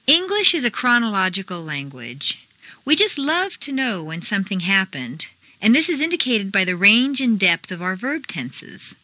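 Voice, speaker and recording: A woman's voice: medium pitch, pushed and bright, dry recording, rough recording. A woman with an American accent reading a scripted pronunciation lesson, carefully enunciating each model sentence. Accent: General American. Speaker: accent teacher.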